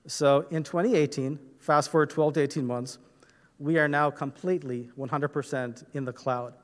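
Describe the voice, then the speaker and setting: A man's voice: fairly high pitch, fairly even intonation, normal speed. A man giving a technical conference talk, explaining step by step with frequent fillers and "right?" checks. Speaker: conference presenter. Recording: reverberant hall.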